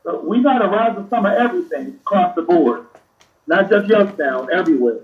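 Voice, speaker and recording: Animated and fairly fast, a man with a high voice appears as a police officer guest, talking plainly and casually over a remote link from elsewhere. The sound is distant, roomy, and dull.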